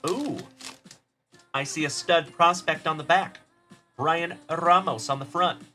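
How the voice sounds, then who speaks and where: A man's voice: on the high side, steady tone, measured pace, bright, forceful tone, soft background music. A man hosting a card-opening livestream, upbeat and friendly, greeting viewers by name as he goes. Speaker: host of a trading card break livestream. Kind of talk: livestream chat shout-outs.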